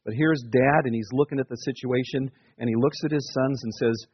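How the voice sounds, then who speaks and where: A pastor preaches to his congregation in a husky, slightly breathy voice. His delivery is earnest but conversational, with casual asides. The sound is dry and a little dull. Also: mid-range voice, fairly even intonation, a little fast, dry recording. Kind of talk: sermon.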